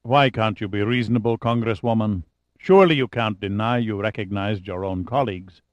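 A man's voice: on the low side, fairly quick, no echo, muffled recording, natural voice. A man reading the part of a cold, menacing Soviet agent who speaks in a detached, disinterested way.

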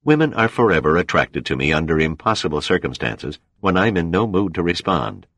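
A wry, unflappable male adventurer with dry humor, read by a deep-voiced male narrator. The recording is close and dry. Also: big pitch swings, fairly quick, fairly bright tone, no echo, full character voice.

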